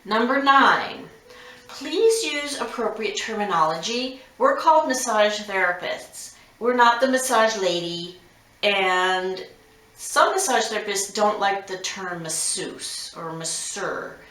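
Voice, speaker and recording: A woman's voice: medium pitch, lively intonation, slow pace, fairly bright tone. A woman massage therapist giving frank, numbered advice to her clients. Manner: frank, instructive, lists numbered tips. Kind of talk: direct advice monologue. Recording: roomy echo.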